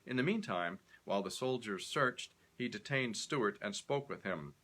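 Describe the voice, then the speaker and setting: A man reading a short story aloud, expressive and acting out each character. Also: lowish voice, normal speed.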